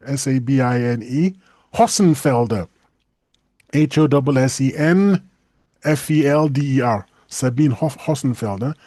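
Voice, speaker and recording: A man co-hosting a casual podcast discussion, chatty and animated, laughing often and restarting his sentences. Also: medium pitch, measured pace, no echo, studio quality. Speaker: co-host.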